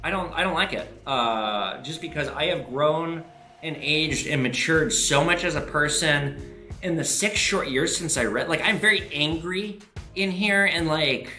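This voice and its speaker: A man hosting his own show, answering viewer questions and telling stories in a casual, profane way. He is recorded in an echoey room with faint music. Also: measured pace. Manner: animated, profane, jumps to high pitch for quoted voices. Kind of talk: casual storytelling monologue.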